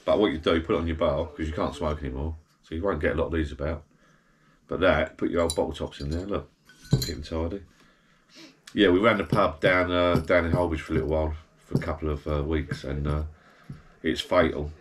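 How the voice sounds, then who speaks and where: Brisk and steady in tone, with an extremely low pitch, this man vlogs from his backyard garden bar, meandering through pub tales to camera. His storytelling is chatty and blokey, punctuated by self-corrections.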